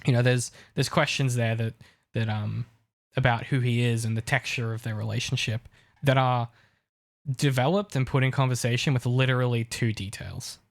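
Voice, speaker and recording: A man's voice: mid-range voice, fairly even intonation, moderate pace, creaky. A man co-hosting a podcast, breaking down TV dialogue in an eager, analytical chat. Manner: enthusiastic, lots of restarts. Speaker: podcast co-host.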